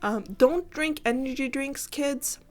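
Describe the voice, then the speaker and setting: A woman's voice: sits high, slow pace. A tired, sick teenage girl from Finland, rambling and giggling through a casual game voiceover and apologizing often. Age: late teens. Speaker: gaming YouTuber.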